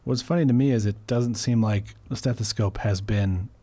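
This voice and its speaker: A man with a low, warm, mellow voice co-hosts a casual podcast. He chimes in with short, relaxed comments. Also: moderate pace. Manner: brief laid-back interjections. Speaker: podcast co-host. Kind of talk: casual chat.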